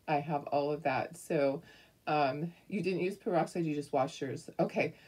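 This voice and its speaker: A woman's voice: deep voice, normal speed, a little mellow, breathy edge. A middle-aged woman hosting a crafting livestream, chatting casually and affectionately with viewers and greeting them by name.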